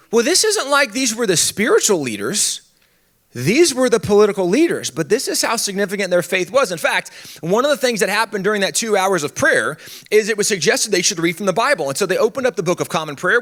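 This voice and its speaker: A man speaking at a conference, telling history in a humorous, conversational way with quick asides. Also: high voice, fairly bright tone. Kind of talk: animated conference talk. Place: conference stage.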